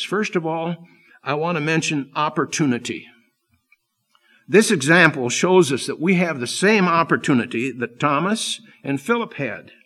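Fervent man preaching, slightly high voice. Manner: impassioned, swings from loud emphasis to hushed. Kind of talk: sermon.

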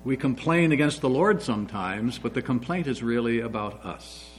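A man's voice: mid-range voice, lively intonation, moderate pace, low-quality recording. Older male pastor preaching earnestly. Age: 60s. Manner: storytelling, earnest, with fillers. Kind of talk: sermon.

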